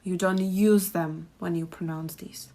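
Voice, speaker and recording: A woman's voice: fairly low pitch, steady tone, unhurried, mellow. A young woman with a Czech accent, teaching pronunciation and repeating words carefully for learners. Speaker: language teacher. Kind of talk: pronunciation lesson.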